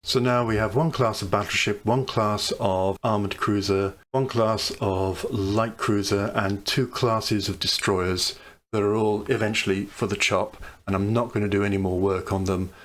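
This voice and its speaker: A man's voice: fairly low pitch, steady tone, moderate pace, a bit bright. A man giving casual commentary on a strategy game he is playing, thinking aloud over each choice with dry, wry asides. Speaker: let's play commentator.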